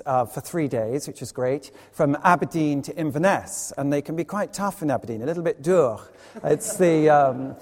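A man preaching an evening sermon as a lay speaker, earnest and anecdotal with quick asides. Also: on the high side, in a large hall. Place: church, evening service.

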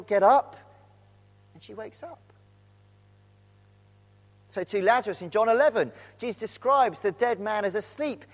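A man preaching a sermon, earnest and animated, dropping to a hush at moments. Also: high-pitched. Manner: earnest, animated storytelling with sudden drops to a hush. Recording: long hall reverb.

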